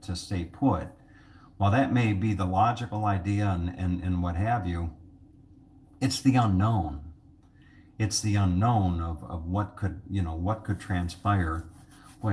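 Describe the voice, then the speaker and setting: Brief: man, low deep voice, loose rambling vlogger who pokes fun at himself. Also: a little mellow. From United States. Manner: rambling and jokey, self-mocking. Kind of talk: casual vlog monologue.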